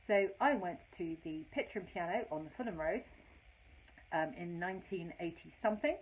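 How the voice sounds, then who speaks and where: A woman's voice: on the low side, slightly rough. A woman in her fifties, hosting a casual live broadcast, telling stories candidly and self-deprecatingly, with lots of swearing and rambling fillers. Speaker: host of a live storytelling broadcast. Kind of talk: casual anecdotal storytelling. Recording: tinny phone-like audio.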